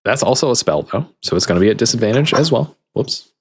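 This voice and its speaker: A man running a tabletop game session as game master, explaining rules in a relaxed, friendly way with frequent fillers. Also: mid-range voice, quick pace, slight background noise.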